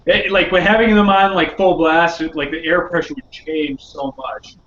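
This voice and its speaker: A man's voice: a little high, fairly even intonation, moderate pace, a bit bright, highs cut off. Rambling man in an echoey room. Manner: rambling, heavy use of "like". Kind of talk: casual chat.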